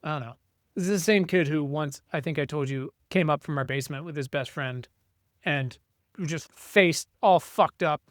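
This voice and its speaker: Ranting middle-aged man, slightly high voice. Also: moderate pace, fairly bright tone, no echo, studio quality. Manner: ranting, profane, acts out family members' voices. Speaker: podcast co-host. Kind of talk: casual chat.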